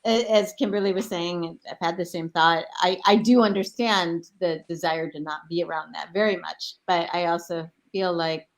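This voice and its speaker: A woman's voice: fairly low pitch, steady tone, moderate pace, few pauses. A woman hosting a casual group discussion, calling on guests and affirming them often. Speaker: host.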